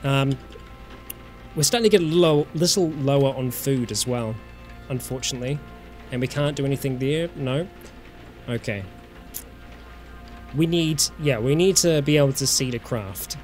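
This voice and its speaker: A man's voice: medium pitch, moderate pace, pauses often, darkish tone, soft background music. A man from New Zealand with a New Zealand accent, casually commenting on a survival game during a live stream and chatting with viewers.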